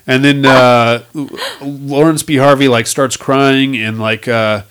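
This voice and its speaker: A man's voice: medium pitch, slow, smooth. A man hosting a casual movie review podcast, retelling scenes animatedly with profanity. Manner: animated retelling with put-on quote voices, profane. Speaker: podcast host.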